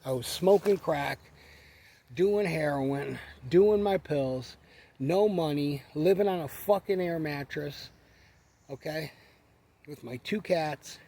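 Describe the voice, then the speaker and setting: A man's voice: on the high side, slow pace, dark tone. A man in his forties giving a blunt, profane casual rant to the camera, repeating himself for emphasis. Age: 40s. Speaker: vlogger.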